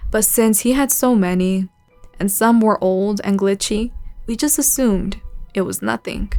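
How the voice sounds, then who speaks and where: A woman hosting a channel where she reads subscribers' scary stories aloud, telling them in a measured, suspenseful way. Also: mid-range voice, vocal fry. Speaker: host reading subscriber stories. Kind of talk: scary story narration.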